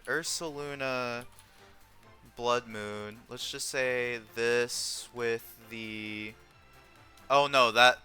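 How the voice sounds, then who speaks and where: Young male game commentator, very bright and crisp tone, talks through each move with ums, faint music underneath. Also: mid-range voice, very slow. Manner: thinks aloud with frequent ums. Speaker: competitive game player. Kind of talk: live gameplay commentary.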